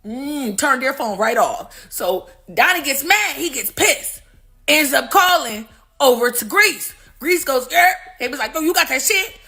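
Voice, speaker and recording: Lively high-voiced woman telling a story. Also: a little slow. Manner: animated, profane, acts out voices with laughs. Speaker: livestream host. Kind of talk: casual storytelling commentary.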